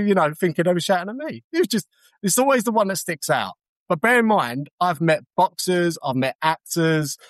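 A man, a cab driver telling lively anecdotes in a casual interview and acting out the shouts in his stories. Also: a little high, no echo. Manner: animated storyteller who jumps to shouts when acting out scenes.

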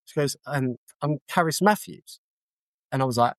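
A man, a cab driver telling lively anecdotes in a casual interview and acting out the shouts in his stories. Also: medium pitch, normal speed, no room sound. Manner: animated storyteller who jumps to shouts when acting out scenes.

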